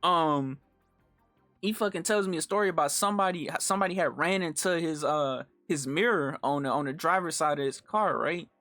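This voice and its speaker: Over gameplay, a young adult man, a storytime YouTuber, tells a rambling story in casual, profane slang, acting out quoted lines with swings in pitch. His voice is pushed and bright at normal speed, on a dry recording with faint music behind.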